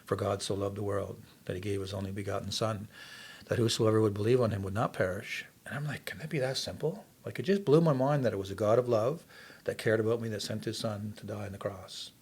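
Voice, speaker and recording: An older man from Canada tells his personal testimony in a relaxed interview, speaking earnestly and at a brisk clip. His voice sits somewhat low, and he lets the story carry him along. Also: husky. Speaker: podcast guest.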